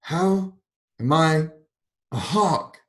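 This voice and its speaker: A self-righteous farm wife, as a male lecturer puts her on, her voice pitched well up and pushed loud. She rails and hollers toward the sky with wounded pride. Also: a little slow. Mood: indignant. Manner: railing, shouting at the sky. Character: indignant self-righteous middle-aged farm woman.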